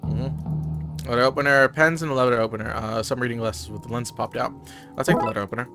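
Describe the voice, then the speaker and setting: A man's voice: medium pitch, fairly even intonation, fast talker. Chatty man narrating his gameplay. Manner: chatty, reads game text aloud and laughs often. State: under the weather, chapped lips. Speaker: let's-play gamer. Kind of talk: casual gameplay commentary. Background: music.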